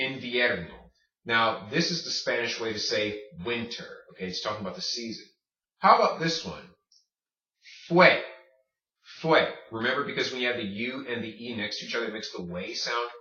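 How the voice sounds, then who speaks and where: A man teaching a recorded Spanish pronunciation lesson, saying words slowly and repeating them. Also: lowish voice, bright, forceful tone. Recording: echoey room, distant dull mic.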